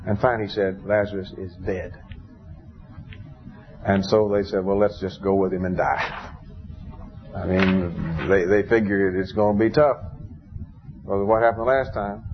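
A man's voice: low voice, fairly even intonation, moderate pace, pauses often. A man preaching a sermon in an easy storytelling way, now and then bursting out with emphasis. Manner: conversational storytelling, rising to emphatic outbursts. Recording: dull lo-fi recording with faint background noise.

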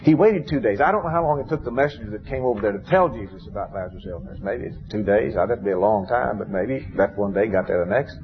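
Speaking fast with few pauses, this low-voiced preacher tells his sermon like a relaxed story, rising into emphatic outbursts at times. It's a dull lo-fi recording with faint noise in the background.

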